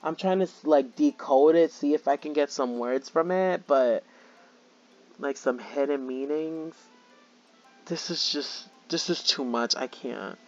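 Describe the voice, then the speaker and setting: A woman's voice: sits low, a little slow, warm tone, dull audio, soft background music. A young woman playing a horror game, reacting with panicky swearing and frequent shrieks. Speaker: let's play gamer. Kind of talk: let's play reaction commentary.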